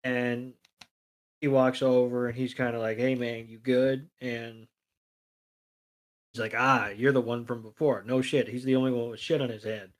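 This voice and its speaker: Brief: male podcast co-host, mid-pitched, profane and sarcastic recap banter. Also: flat delivery, moderate pace, poor audio. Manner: crude, profane, sarcastic retelling. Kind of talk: casual recap chat.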